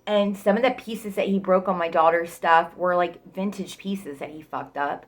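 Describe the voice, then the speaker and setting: A woman's voice: lowish voice, moderate pace. A woman telling her own story casually and bluntly, rambling and swearing freely.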